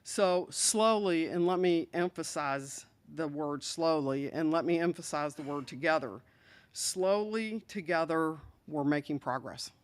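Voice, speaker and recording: Woman city official, speech at an event, earnest and deliberate, emphasizes words. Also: sits low, steady tone. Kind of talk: speech at an evening panel event.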